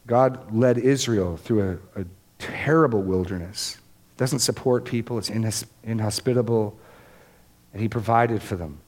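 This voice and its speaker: A man's voice: lowish voice, darkish tone. A man preaching a sermon as pastor, earnest, repeating phrases for emphasis and lifting his voice on key lines.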